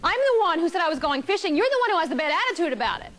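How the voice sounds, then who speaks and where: A woman voicing a casual husband who gets defensive, then angry and fast-talking. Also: sits high, a bit bright. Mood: heated. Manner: breezy, then fast and heated.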